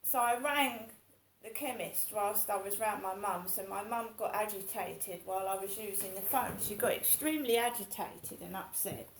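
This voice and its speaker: A woman's voice: mid-range voice, normal speed, few pauses, roomy sound, a little hiss or hum, low-quality recording. A woman in her fifties talking in a casual monologue, rambling and repeating herself in an aggrieved way. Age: 50s. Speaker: vlogger.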